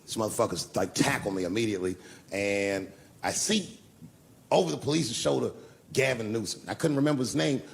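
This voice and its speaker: A middle-aged man telling a profane, animated story as a stand-up comedian on a live stage. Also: lowish voice, creaky. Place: live stage before an audience.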